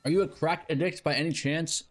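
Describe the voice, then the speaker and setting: A man's voice: fairly high pitch, steady tone, brisk. A male game streamer chatting casually with live viewers, rambling and musing aloud with lots of fillers.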